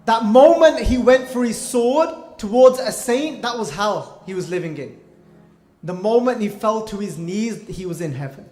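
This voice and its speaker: A man teaching a Sikh class, telling stories and acting out the quoted lines in an animated way. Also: sits high, normal speed, echoey room. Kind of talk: storytelling sermon. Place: hall.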